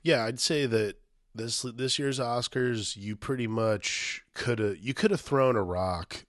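A man co-hosting a casual film podcast, relaxed and rambling, with frequent restarts and some swearing. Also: mid-range voice, unhurried, dry recording, studio quality. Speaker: podcast co-host.

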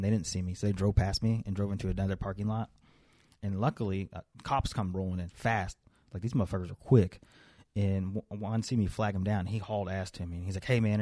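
Profane storytelling young man, deep voice. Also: no echo. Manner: profane, animated storyteller acting out dialogue. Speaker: podcast co-host. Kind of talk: casual podcast chat, telling a story.

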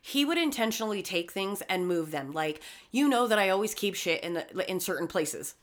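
A woman's voice: medium pitch, lively intonation, moderate pace. A woman in casual chat, telling a personal story with lots of swearing and acted-out quotes.

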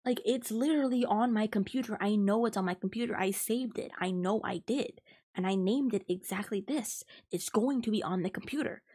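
A woman's voice: medium pitch, brisk, dark tone, husky, natural voice. A woman putting on the voice of an irate middle-aged female co-worker who berates and insists she is right. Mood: scolding.

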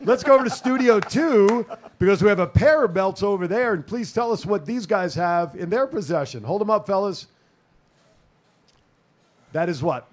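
A man's voice: sits high, lively intonation, moderate pace. A man hosting a live studio stream, joking, laughing and plugging events in a casual chat. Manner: jokey, laughing, hypes and plugs events. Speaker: host.

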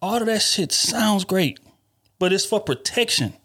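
Male podcast host, slightly high pitch, emphatic and profane, casual panel talk. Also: lively intonation, measured pace, a bit bright. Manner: emphatic, profane, talks over others.

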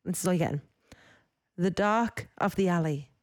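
A woman with a lowish voice running a quiz on a podcast. She reads the clues slowly and deadpan, enjoying the teasing. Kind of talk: casual chat.

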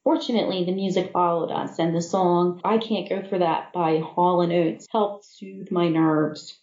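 A woman author reading her own novel aloud in measured first-person storytelling. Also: on the low side, fairly even intonation, a little mellow, echoey room, lo-fi sound.

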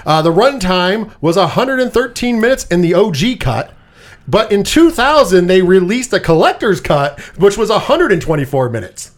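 A man hosting a relaxed movie review podcast, his voice sitting high and swooping up and down with lively energy. He rambles and chats along, laughing at his own jokes as he reads and rolls on. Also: normal speed. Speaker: podcast co-host. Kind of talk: casual movie review chat.

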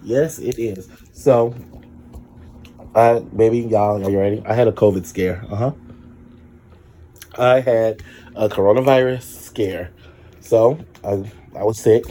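A man telling a story casually to his viewers, sick with a sore throat and low energy, chatty and expressive, with sudden high exclamations and sassy asides. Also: measured pace, pauses often, slight background noise. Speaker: vlogger.

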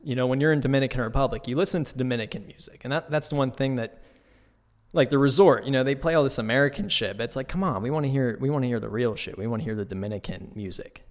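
A man hosting his own podcast, telling a trip story in a casual, profane, animated way from a new, unfurnished home studio. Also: medium pitch, fast. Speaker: podcast host. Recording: echoey bare room.

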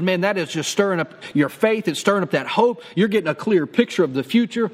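A man's voice: high-pitched, in a large hall. A man preaching a sermon in an earnest, encouraging way, repeating key phrases for emphasis. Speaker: pastor.

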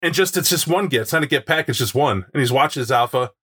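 A man chatting casually about a tabletop game, animated and acting out scenes with sound effects. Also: medium pitch, fast talker, slightly rough.

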